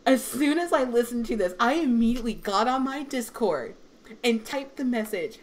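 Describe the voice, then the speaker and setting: A young woman voice actor with a deep voice, chatting casually on a livestream and rambling with many fillers. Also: animated, moderate pace. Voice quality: deep female voice.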